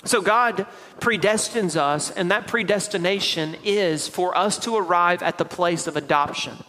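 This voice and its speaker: A man's voice: sits high, unhurried, pushed and bright, big-room sound, slight background noise, poor audio. A man with a Tennessee accent preaching a sermon from the pulpit, explaining scripture step by step in a conversational way. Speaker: pastor. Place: church sanctuary.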